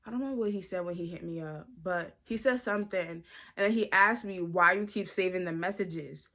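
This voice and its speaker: A woman in her twenties from the United States telling a casual storytime vlog into a phone camera, animated and slangy. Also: fairly low pitch, fairly quick. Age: 20s. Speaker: vlogger.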